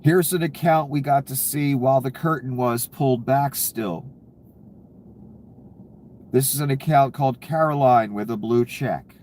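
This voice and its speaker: A man's voice: mid-range voice, a little slow, darkish tone, slight background noise. A man giving casual, profane political commentary, ranting and sarcastic, laughing at his own jokes.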